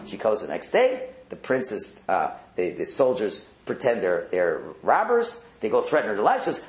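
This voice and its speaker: Animated gravelly man teaching a Torah class. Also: lowish voice, fairly quick, few pauses, slight background noise. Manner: animated storyteller, acts out voices. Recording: roomy echo.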